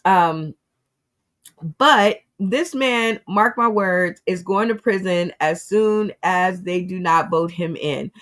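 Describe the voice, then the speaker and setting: Slow-talking opinionated woman host. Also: lowish voice. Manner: opinionated, speaks straight to the audience. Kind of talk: casual opinion commentary on news.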